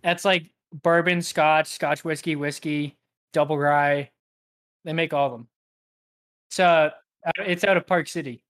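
Relaxed young man, higher voice. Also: a little slow, clear, resonant tone. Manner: relaxed, hesitant, with many fillers. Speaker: podcast co-host. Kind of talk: casual chat.

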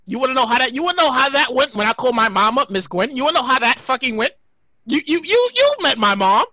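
A woman hosting a podcast, telling a story in a casual, animated way, swearing and repeating her lines. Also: high-pitched, fast, no room sound. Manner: animated, profane, repeats herself. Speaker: podcast host.

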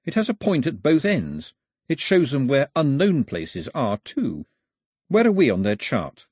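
A man voicing an earnest young island boy who keeps pressing with proud, puzzled questions, in a husky voice. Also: medium pitch, huge pitch swings, unhurried, a little mellow, no room sound, clean studio sound, pitched above the performer's own voice, heavily acted. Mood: insistent.

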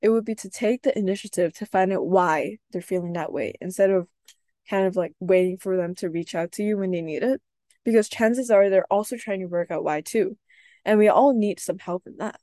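Soft, earnest young woman, mellow tone. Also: mid-range voice, fairly quick, no room sound. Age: young adult. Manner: soft-spoken, earnest, with hesitant restarts. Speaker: podcast host. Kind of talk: personal reflective podcast talk.

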